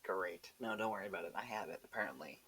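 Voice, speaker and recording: A man's voice: sits low, fast, sharp tone, slight background noise. Wry man streaming a game. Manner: wry, chatty reactions to the game. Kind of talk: casual live gameplay commentary.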